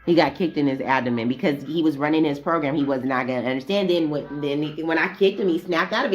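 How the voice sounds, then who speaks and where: A woman's voice: low-pitched, fast talker, few pauses. A woman vlogging in a blunt, profane, casual monologue that wanders off on tangents.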